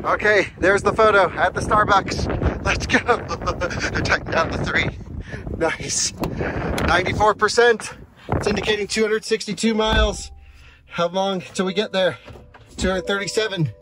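A man's voice: high-pitched, a little slow. A man hosting a road test, chatting casually as he tows a trailer and talks through each step. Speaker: host of an EV towing test. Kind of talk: casual vlog narration while driving and towing. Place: inside a truck and at a charging station. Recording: faint vehicle and outdoor noise.

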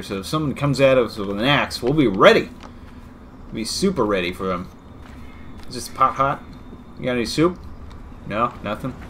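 A man's voice: mid-range voice, a bit bright, a little hiss or hum. A man giving casual gameplay commentary with joking, sarcastic asides. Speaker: video game let's-player.

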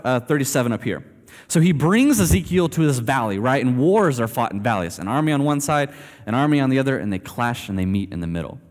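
Male pastor, easygoing conversational sermon delivery, reverberant sanctuary sound. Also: mid-range voice. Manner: casual, conversational preaching with many fillers. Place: church sanctuary. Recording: long hall reverb.

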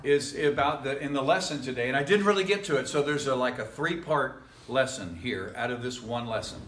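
A man's voice: mid-range voice, brisk, fairly bright tone, slight background noise. A man preaching a casual, rambling sermon as pastor, full of jokes and chuckling asides, recorded in a church sanctuary. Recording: echoey church room.

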